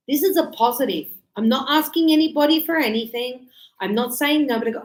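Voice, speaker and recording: A woman's voice: high voice, fast. A middle-aged woman with an Australian accent, teaching an English grammar lesson live and acting out little examples as she explains. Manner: lively, explains with acted examples. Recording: echoey room.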